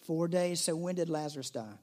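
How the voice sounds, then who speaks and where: A man's voice: on the high side, a little fast, darkish tone. A man pastor preaching a sermon in a conversational, storytelling way, with restarts and asides.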